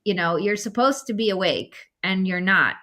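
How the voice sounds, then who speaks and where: A woman hosting a podcast and coaching, chatting in an animated way and acting out the people in her stories. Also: medium pitch, moderate pace. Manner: animated, acts out quoted voices in stories. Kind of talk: conversational podcast chat.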